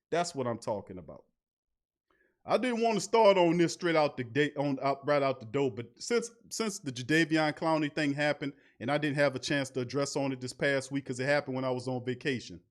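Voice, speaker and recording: Heated ranting sports-fan host, man. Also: on the high side. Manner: heated, ranting with rhetorical questions and mocking laughter; casual, slangy street talk. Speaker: sports talk show host. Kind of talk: fan sports commentary rant.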